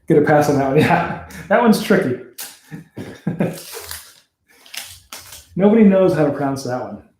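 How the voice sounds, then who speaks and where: A Canadian man hosts a card break in casual card-opening commentary, reading off player names and chuckling at the tricky pronunciations. His voice is fairly high and animated, with a measured pace, long pauses and a darkish tone. The room is echoey, with slight background noise.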